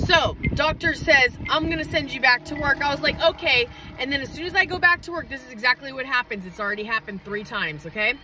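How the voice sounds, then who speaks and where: A woman with a high, bright voice rants on a phone livestream from inside her parked truck. She is heated and profane, with her words spilling out in quick bursts. A faint hum of noise sits behind her. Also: poor audio. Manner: heated, profane, rapid outbursts. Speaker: mother livestreaming an update. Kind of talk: emotional livestream rant.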